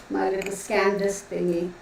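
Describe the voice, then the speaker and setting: A woman's voice: mid-range voice, completely flat delivery, unhurried, creaky, darkish tone. A woman, chatting casually and rambling as she hosts a live tarot stream and greets viewers by name. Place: home room with a fan running. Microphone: distant mic, noticeable echo. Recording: very echoey room, voice far from mic, faint fan noise.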